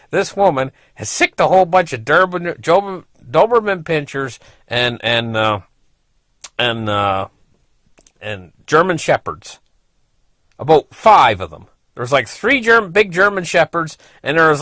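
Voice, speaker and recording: A man's voice: high voice, a bit bright, no room sound. A middle-aged man casually telling a personal story, rambling along with lots of "you know" and frequent chuckles.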